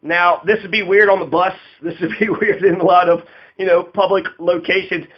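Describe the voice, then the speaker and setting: A man's voice: sits high, steady tone, normal speed. A man giving casual political commentary, rambling and profane, laughing often and acting out quotes in a raised voice. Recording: dull lo-fi audio.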